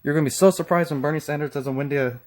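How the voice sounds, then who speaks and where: A man's voice: a little high, steady tone, quick pace. A man from Texas giving mocking, sarcastic reaction commentary with frequent profanity. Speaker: commentary channel host.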